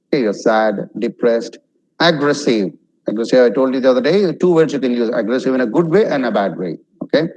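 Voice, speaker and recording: A man teaching English pronunciation and vocabulary in an online lesson, drilling single words slowly for learners to repeat. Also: medium pitch, darkish tone, slightly rough, low-quality recording.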